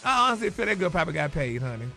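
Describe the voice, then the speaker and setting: Flamboyant man, high bright voice, calls everyone honey, radio gossip host. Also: very animated, very fast, gravelly, soft background music. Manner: flamboyant, says "honey" and "y'all" constantly. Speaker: celebrity gossip segment host. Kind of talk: radio morning show gossip chat.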